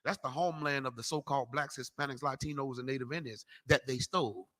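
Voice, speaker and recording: Emphatic slangy preacher man, bright voice. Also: mid-range voice, fast. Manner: animated, slangy, emphatic, calls for scripture readings. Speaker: street preacher teaching a class. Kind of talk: preaching lecture.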